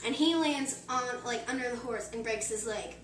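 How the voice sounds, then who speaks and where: High-voiced teen girl rambling through a joke. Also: moderate pace, a crowd in the background. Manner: chatty, filler-heavy storytelling. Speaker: joke teller. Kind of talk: rambling joke telling among friends. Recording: far-off echoey room with loud background noise.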